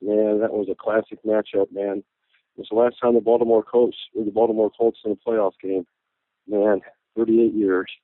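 Emotional fan on a phone line. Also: male voice, lowish voice, little pitch movement, moderate pace, no room sound. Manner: emotional, nostalgic, says "man" often. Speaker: caller.

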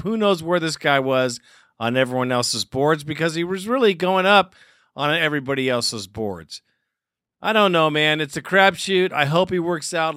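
A man hosting a sports fan call-in show, chatting casually in slangy, animated talk and laughing often. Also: fairly high pitch, clear, resonant tone, dry recording, studio quality. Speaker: fan radio show host.

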